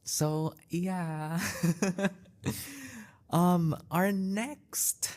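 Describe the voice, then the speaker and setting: A man's voice: high-pitched, steady tone, darkish tone. A young man hosting a podcast, telling personal stories in a casual way, with lots of "like" and restarts. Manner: unhurried, filler-heavy, with many "like"s and restarts. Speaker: podcast host. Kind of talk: casual storytelling monologue.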